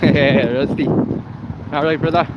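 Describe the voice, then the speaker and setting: A man's voice: on the high side, steady tone, takes it slowly, very noisy. An Irish man livestreaming while walking his dog by a canal, talking bluntly and heatedly with lots of swearing. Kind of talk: live walking vlog.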